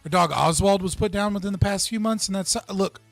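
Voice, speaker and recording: A man's voice: sits high, brisk, creaky, no echo. A man with a slightly raised voice hosts a live stream in loose, casual chat. He swings into joking, swearing rants, and his voice sits close and dry on the mic, with faint music underneath. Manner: animated, swearing, joking outbursts. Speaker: livestream host.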